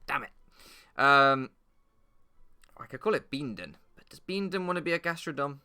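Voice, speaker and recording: A man's voice: fairly high pitch, expressive, normal speed, bright, forceful tone, clean tone. A man doing comedic, rambling commentary while he plays, swearing often and laughing at his own jokes. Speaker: gaming YouTuber.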